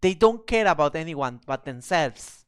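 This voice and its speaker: A woman voicing an elegant, vain city lady who is flattering and bossy, reading game dialogue aloud. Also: deep voice, normal speed, clean tone. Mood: gushing. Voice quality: prim, theatrical, gushing.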